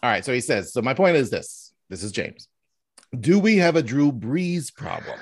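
A man's voice: medium pitch, big pitch swings, moderate pace. A man hosting a casual sports chat, joking around and laughing often. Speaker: podcast host.

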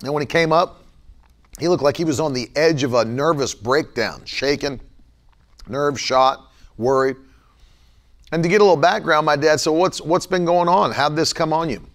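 Middle-aged male preacher, slightly high voice, gravelly, emphatic sermon delivery with repetition. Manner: emphatic, repeats key phrases, slows for stress.

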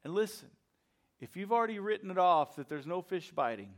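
Guy preaching, pretty high voice, chatty lively sermon, acts out bits. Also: brisk. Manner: lively, conversational preaching with acted-out asides. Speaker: chaplain and preacher.

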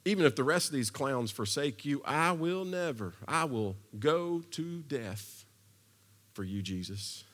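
A man's voice: medium pitch, expressive, fairly quick, hardly any pauses, breathy edge. A preacher voicing a bold fisherman vowing loyalty. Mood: defiant. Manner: bold, emphatic vow. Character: boastful loyal fisherman disciple, adult man.

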